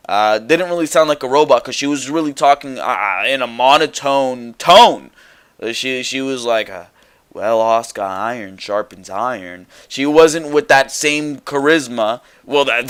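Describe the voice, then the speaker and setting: A man hosting a casual review, talking in an animated, exasperated, opinionated way. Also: fairly high pitch. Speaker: show reviewer host.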